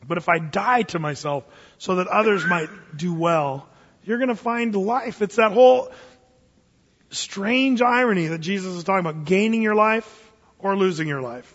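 A pastor preaches in a high, slightly husky man's voice. He is animated and jokey, and acts out little scenes for his church. The recording is dull and lo-fi, with a long hall echo. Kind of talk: sermon. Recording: echoey hall, dull lo-fi sound.

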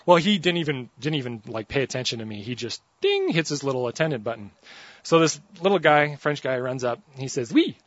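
Man, preacher, storytelling sermon, joking, lively, muffled lo-fi sound, dry. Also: medium pitch, brisk, dry recording.

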